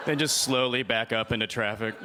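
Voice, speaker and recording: A man from Missouri doing a stand-up comedy set with a dry, deadpan delivery, breaking into quick voices for his characters. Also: mid-range voice, heavy background noise. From Missouri, USA.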